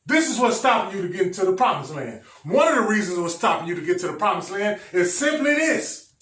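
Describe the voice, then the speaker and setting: A man's voice: sits high, big pitch swings, a little fast, fairly bright tone. A male preacher teaching a sermon. He talks emphatically, repeats his phrases and addresses the congregation directly. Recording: echoey room, mic at a distance.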